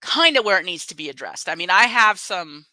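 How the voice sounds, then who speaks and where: A woman with a bright, forward voice speaks bluntly and candidly in a relaxed chat. She laughs easily. Her voice sounds close and dry, with almost no room around it. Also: on the low side, fairly quick, no room sound, rough recording. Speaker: guest. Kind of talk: casual conversation.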